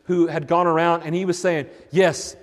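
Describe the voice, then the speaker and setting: High-voiced preacher in a reverberant hall. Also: male voice, little pitch movement, a little fast. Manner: questioning, emphatic, with many restarts. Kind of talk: sermon.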